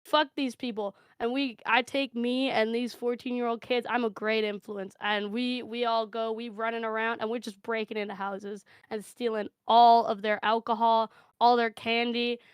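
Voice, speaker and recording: A woman spins an improvised comic story, deadpan and gleefully profane. Her voice sits a little high and sounds smooth and clear. The sound is dry and close, with no room echo. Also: normal speed, few pauses.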